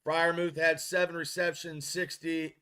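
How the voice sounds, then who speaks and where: Man, podcast host, slow pace, bright tense tone, frustrated, rambling. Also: on the high side, flat delivery, smooth. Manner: frustrated, rambling, many restarts. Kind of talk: casual live-stream football chat.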